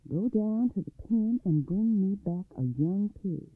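A man voicing a shrewd, calm country mother with a steady, folksy drawl. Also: sits high, measured pace, breathy edge, no echo, voice pushed up, heavily acted. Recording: dry, tinny phone-like sound.

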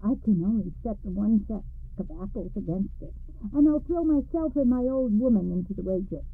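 A contented old farmer speaks without a care in the world, voiced by a woman reading a storybook. The voice is gravelly and comes over a tinny, lo-fi radio line. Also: mid-range voice, expressive, moderate pace. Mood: easygoing. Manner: easygoing, unbothered.

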